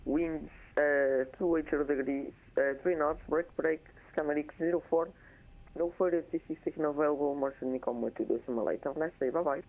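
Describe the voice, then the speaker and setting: A man working as air traffic controller, giving clearances in friendly, brisk phraseology with small pauses. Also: fairly high pitch, narrow, tinny audio.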